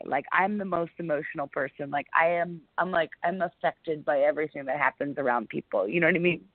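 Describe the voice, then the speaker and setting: Guest comedian, young woman, chatty and animated storyteller; dry, tinny phone-like sound. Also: low-pitched, a little fast, few pauses, no room sound. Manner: chatty, animated, lots of "like" fillers. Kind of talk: casual interview storytelling.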